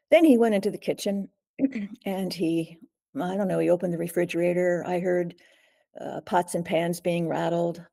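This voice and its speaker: An older woman, a guest in an interview, recounting a frightening ordeal slowly and steadily, often pausing to clear her throat. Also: lowish voice, fairly even intonation, warm tone. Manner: measured, frequent throat clearing. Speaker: guest, author.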